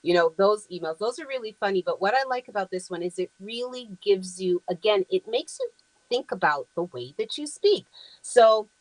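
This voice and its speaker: A woman's voice: mid-range voice, expressive, moderate pace, dry recording, poor audio. Woman talk show host, mid-range voice, earnest and affirming, conversational with plenty of ums, dry close sound. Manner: earnest, affirming, frequent ums, reads quoted phrases aloud.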